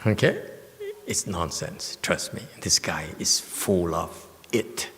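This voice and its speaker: A man's voice: low-pitched, lively intonation, slow, creaky, fairly bright tone, long reverb tail. A man as a Buddhist master giving a dharma lecture on a sutra, blunt and teasing, often checking in with "okay?". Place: temple lecture hall.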